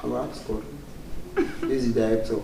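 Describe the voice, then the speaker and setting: This comedian guest chats casually in an interview, laughing often and using broken, pidgin-tinged phrasing. His medium-pitched voice is level, fairly quick, dark, and carries vocal fry. The sound is roomy and distant with faint background noise.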